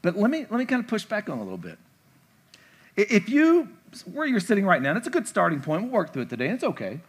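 A man's voice: sits high, wildly swooping pitch, fast talker, husky. A pastor delivering a conversational sermon, playfully acting out imagined replies from his listeners. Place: church sanctuary.

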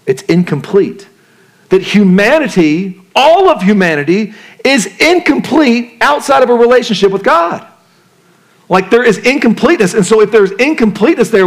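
A man preaching a sermon to a congregation, talking in a relaxed way, asking them questions and joking in casual slang. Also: high-pitched. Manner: conversational, asks the congregation questions; uses casual slang and jokes. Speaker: pastor.

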